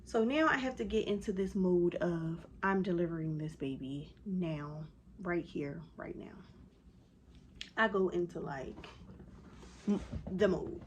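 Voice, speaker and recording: A woman vlogger telling a personal story in a casual, animated way, with many "like" fillers. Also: lowish voice, a little slow, slight background noise.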